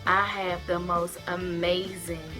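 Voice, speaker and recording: Bright-voiced woman telling her story. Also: on the low side, takes it slowly, faint music behind. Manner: earnest and expressive, retells events with emotion and direct advice. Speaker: vlogger sharing her weight-loss surgery experience. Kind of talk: casual to-camera storytelling and advice.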